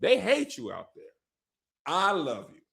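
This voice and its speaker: A sulking, dim young dragon rider whines in a high, strained voice that swoops up and down, as a man puts him on. He fawns and complains with a rough, gravelly edge. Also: wildly swooping pitch, unhurried, fairly bright tone, full character voice. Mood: gossipy. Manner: whiny, sulking, fawning.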